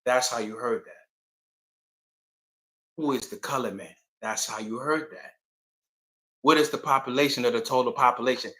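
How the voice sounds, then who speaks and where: A man's voice: medium pitch, moderate pace, pauses often. A man hosting his own channel, telling history in a casual, slangy storytelling way and acting out quotes. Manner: slangy, animated, acts out quotes. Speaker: channel host. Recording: echoey room.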